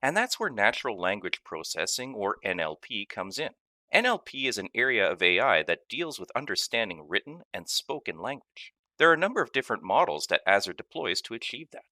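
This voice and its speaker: A man with a bright, ringing voice and a lively, swooping delivery narrates a scripted tech lesson. He talks a little low and leans hard on key words. The sound is dry and close, with no room behind him. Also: fairly quick, no echo. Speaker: course instructor.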